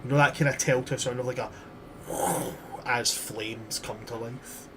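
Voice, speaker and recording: A man narrating a tabletop game as game master in a relaxed, casual way. The recording is noisy. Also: mid-range voice, a little slow.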